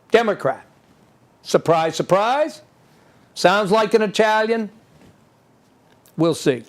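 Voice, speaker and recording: A man hosting his own television show, talking straight to the viewer in a high, pointed voice. He builds an opinionated monologue and keeps firing off indignant rhetorical questions. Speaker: TV show host. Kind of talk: political commentary monologue.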